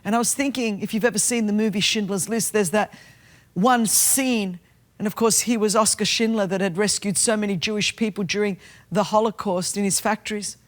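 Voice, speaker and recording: A woman's voice: medium pitch, fairly even intonation, fairly quick. A middle-aged woman preaching, telling a story earnestly and building to passionate emphasis. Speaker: speaker and activist. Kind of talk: sermon storytelling.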